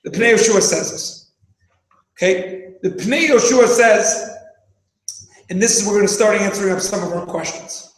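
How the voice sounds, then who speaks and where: High-voiced man teaching animatedly in echoey room. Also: normal speed, long pauses. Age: 30s. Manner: asks rhetorical questions, acts out scenes, shouts for emphasis. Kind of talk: animated classroom lesson.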